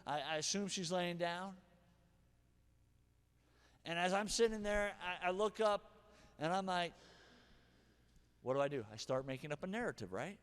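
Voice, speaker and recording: A high-pitched, animated male pastor delivering a sermon, dropping to near-whispers and then shouting his key lines. His voice carries a long hall reverb, as if preached in a large sanctuary. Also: moderate pace, pauses often, clean tone. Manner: animated, swings from hushed asides to shouted punchlines.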